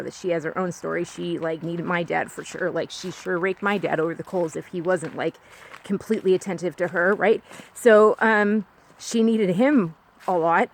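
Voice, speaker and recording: A young woman from California telling a personal story alone, rambling and confiding, with many restarts and fillers. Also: mid-range voice. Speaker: podcast host.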